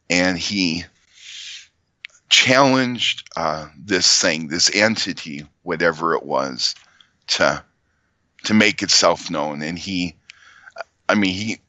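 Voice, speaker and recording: A low-voiced man with a forceful, bright edge tells a personal story as a podcast guest. He talks haltingly, restarting phrases and letting out small nervous laughs. The sound is dry and close, with no room around it. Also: dry recording, muffled recording. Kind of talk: casual storytelling.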